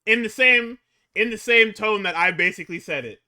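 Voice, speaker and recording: Male co-host, high and piercingly bright, profane heated chatter. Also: a little fast. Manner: profane, heated ranting with laughs. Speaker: podcast co-host. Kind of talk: casual chat.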